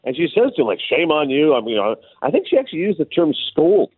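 Animated man on a tinny phone line. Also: a little high, rapid-fire, slightly rough, no room sound. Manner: animated storyteller. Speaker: co-host. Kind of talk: casual radio chat. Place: remote, away from studio.

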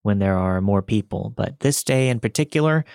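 Low, dry-voiced male story narrator. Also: lively intonation, moderate pace, creaky, a little mellow, no room sound. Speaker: podcast narrator reading listener stories. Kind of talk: scripted narration.

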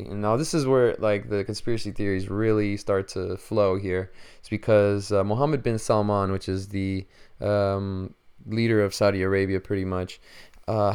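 A Mexican-American man with a smooth, lowish voice hosts a podcast solo. He chats casually, rambles, jokes around, and leans heavily on filler words.

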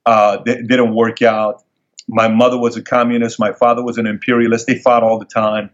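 A man's voice: medium pitch, level tone, brisk. Intense, emphatic male guest with a mid-range voice, telling personal stories on a dull lo-fi recording. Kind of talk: emotional personal storytelling. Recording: dull lo-fi sound.

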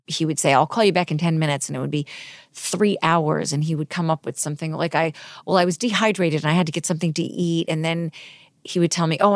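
A middle-aged woman giving an interview, retelling a painful personal story in a halting, emotional way with many restarts. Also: low voice, no room sound, studio quality. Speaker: interview guest.

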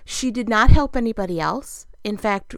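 A woman casually telling a personal travel story, chatty and animated, acting out bits of dialogue. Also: mid-range voice, moderate pace, no room sound, clean studio sound.

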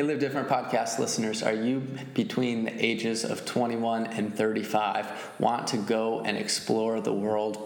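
A man hosting a podcast in casual chat, loose and profane with plenty of fillers. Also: medium pitch. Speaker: podcast host.

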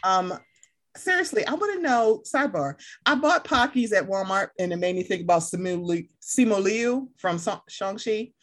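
Casual podcast woman, mid-pitched, loose and profane, doing shout-outs. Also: expressive, normal speed. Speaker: podcast guest. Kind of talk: casual chat.

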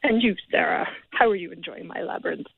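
A woman's voice: on the low side, brisk, gravelly, husky, no room sound, narrow, tinny audio. A woman calling in to a radio show and performing a string of dramatic movie character voices. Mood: theatrical. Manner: switches between dramatic character voices, bursts of laughter. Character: theatrical movie villain and frightened side characters, any sex. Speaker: caller. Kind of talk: acted movie character impressions.

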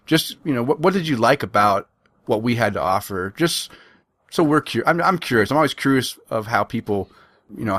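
A man hosting a casual podcast chat, talking in a loose, rambling way and circling back on his words. His voice sits at an ordinary middle pitch, recorded dry and close with no room sound. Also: fairly bright tone, no room sound. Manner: chatty, rambling with restarts. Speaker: podcast host.

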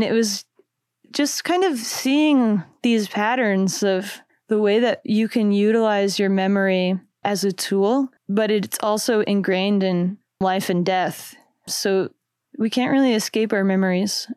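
A young adult woman and musician guest, talking reflectively in a casual interview, with many "like"s and soft laughs. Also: mid-range voice, clean tone, no echo, studio quality.

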